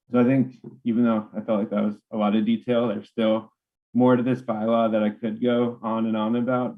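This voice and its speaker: Low flat-voiced man on a tinny line. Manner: halting, many fillers and restarts. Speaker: town planner presenting to council. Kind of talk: public meeting presentation. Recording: tinny phone-like meeting audio.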